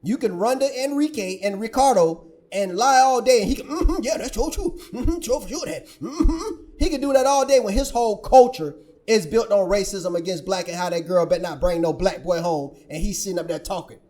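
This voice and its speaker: A man's voice: sits high, a little fast, dark tone. A man hosting a reaction commentary, scolding and preaching as he rants. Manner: preachy, scolding, quotes scripture. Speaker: commentary channel host.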